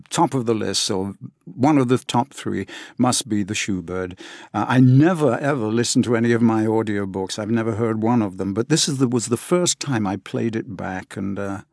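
An English narrator talks warmly and keenly about his work, with plenty of fillers and restarts. His voice sits at a medium pitch, and the recording is dry and close. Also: moderate pace, dry recording. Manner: enthusiastic, chatty, frequent fillers. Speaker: audiobook narrator, interview guest. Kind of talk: casual interview answers.

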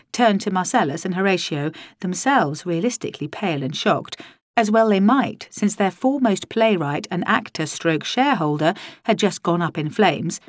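A woman's voice: fairly low pitch, no room sound. Wry woman narrating an audiobook. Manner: dry, wry storytelling. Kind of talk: first-person audiobook narration.

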